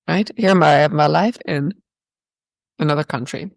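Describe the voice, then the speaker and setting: An Irish woman with a low, gravelly voice speaks at a moderate pace, with no echo. She is a podcast guest sharing personal stories in a reflective, spiritual manner, often tossing in a rhetorical "right?".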